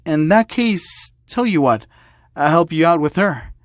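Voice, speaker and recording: A man's voice: fairly high pitch, lively intonation, measured pace, no echo, studio quality. A man reading the lines of a playful, teasing teenage girl classmate.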